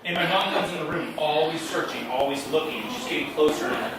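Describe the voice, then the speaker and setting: On a theater stage, a man of about thirty tells a comic personal story solo, acting out voices and laughing through his lines. His fairly high voice moves quickly, and the distant mic picks up an echoey stage along with some noise.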